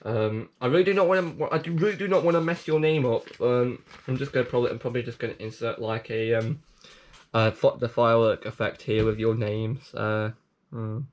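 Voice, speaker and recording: A man hosting a video, reading a leaflet aloud with jokey commentary, playful and prone to sudden excited outbursts. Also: mid-range voice, brisk. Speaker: video host.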